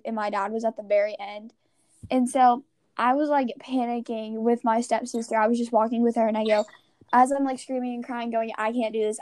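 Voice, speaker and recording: A young woman co-hosting a podcast, telling a story in an animated, self-mocking way. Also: a little high. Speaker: podcast co-host. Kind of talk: casual chat.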